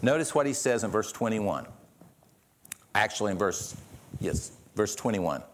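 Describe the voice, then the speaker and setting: A man's voice: lowish voice, sing-song, measured pace, a little hiss or hum. A man preaching a sermon, earnest, often restarting and repeating words and asking rhetorical questions. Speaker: pastor.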